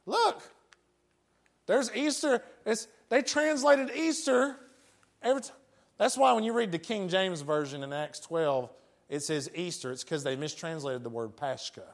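Tennessee guy preaching, high voice, jokey and folksy, laughs a lot. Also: measured pace. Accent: West Tennessee. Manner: folksy, joking, laughs often. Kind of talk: sermon.

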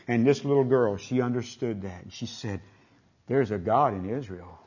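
An older male preacher delivers a sermon in a folksy, storytelling way. His voice swells to booming proclamations and falls back to hushed, near-whispered lines. The recording is dull and lo-fi. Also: normal speed, slightly rough. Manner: folksy, retells scripture in plain speech.

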